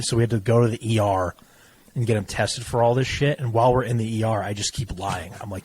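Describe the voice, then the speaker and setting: A young man co-hosting a podcast, telling stories in a casual, profane, animated way. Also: lowish voice, a little fast, slight background noise, low-quality recording. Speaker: podcast co-host. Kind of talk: casual chat.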